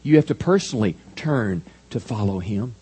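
A man preaching a sermon in an animated, folksy storytelling manner. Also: on the low side, moderate pace, slightly rough. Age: 50s. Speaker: pastor.

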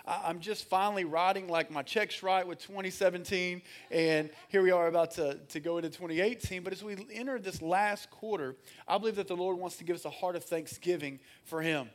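A man preaching a sermon as pastor, energetic, calling on the congregation to answer and reading scripture aloud with frequent fillers. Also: high voice, a little fast. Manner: energetic, calls for congregation responses.

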